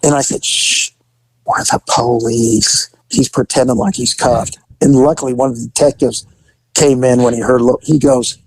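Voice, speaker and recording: A middle-aged man, a former police officer, casually telling a story, animated, swearing, laughing and acting out the voices of the people in it. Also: medium pitch, a little fast, slight background noise, poor audio. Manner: profane, laughing often.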